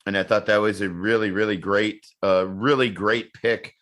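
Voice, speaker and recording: A man's voice: on the low side, steady tone, moderate pace, fairly bright tone. A man co-hosting a podcast, chatting casually with a rambling, joking manner and many repeated words. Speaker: podcast co-host. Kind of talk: casual chat.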